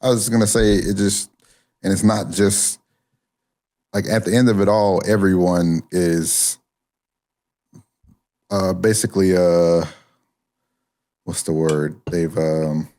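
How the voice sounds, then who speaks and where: Deep-voiced laid-back podcast guy. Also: fairly even intonation, slow pace, pauses often, dark tone. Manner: laid-back, hesitant, searching for words. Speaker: podcast co-host. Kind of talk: casual film review chat.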